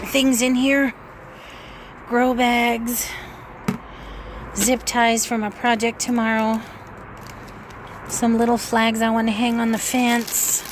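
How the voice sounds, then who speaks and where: A woman's voice: fairly high pitch, noisy background. A woman, chatting casually and rambling in a folksy way as she shows off her thrift finds. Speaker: thrift haul vlogger. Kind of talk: casual chat to camera.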